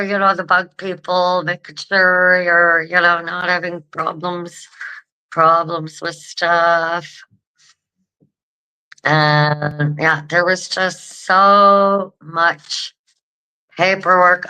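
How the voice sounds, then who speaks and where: Slow, chatty woman host. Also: lowish voice, bright, forceful tone, smooth, rough recording. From Canada. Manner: rambling and chatty, repeats words, laughs often. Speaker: show host. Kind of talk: casual chat to viewers.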